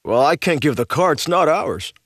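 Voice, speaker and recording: A man's voice: fairly high pitch, lively intonation, normal speed, a bit bright, no room sound, clean studio sound. A man voicing an easygoing young male driver in a dubbed drama, laid-back and joking. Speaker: dub actor.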